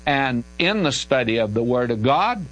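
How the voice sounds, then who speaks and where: A man's voice: mid-range voice, sing-song, normal speed, fairly bright tone, poor audio. An older man, a Bible teacher answering listener questions on the radio in an emphatic, folksy way, stretching key words. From American South.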